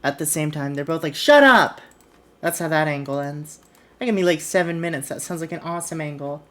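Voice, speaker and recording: A woman's voice: low-pitched, steady tone, fast talker. A woman streamer casually narrating a wrestling booking game, retelling scenes in a chatty way.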